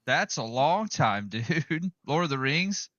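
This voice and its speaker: A man's voice: fairly high pitch, big pitch swings, slow pace, fairly bright tone, no echo, muffled recording. A man co-hosting a casual podcast chat, speaking in a laid-back way. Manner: laid-back, chuckles between remarks. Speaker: podcast co-host.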